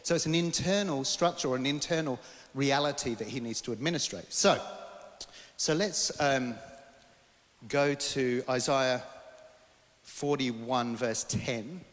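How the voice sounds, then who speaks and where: A male preacher giving an animated sermon to a congregation and getting them to repeat words back. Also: medium pitch, in a large hall. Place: church hall.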